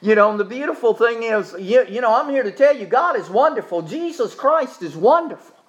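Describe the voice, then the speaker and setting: A man's voice: very high voice, animated, a little fast, a bit bright, muffled recording. A man preaching a sermon in a church service, with emphatic repetition, Bible reading and a spoken prayer, asking the congregation to repeat after him. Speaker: pastor.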